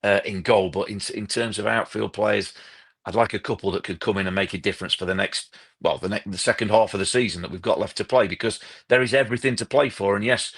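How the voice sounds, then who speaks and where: A man co-hosting a casual football podcast, talking in a measured way and thinking aloud with small restarts. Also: fairly low pitch, steady tone, a bit bright, slightly rough. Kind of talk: casual live podcast chat.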